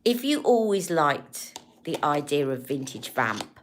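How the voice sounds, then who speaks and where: Woman, beauty livestream host, chatty and warm with viewers, slightly low voice, speaks into a phone or webcam. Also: big pitch swings, unhurried, a little hiss or hum. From United Kingdom. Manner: chatty, affectionate, emotional, rambling. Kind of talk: casual livestream chat with viewers.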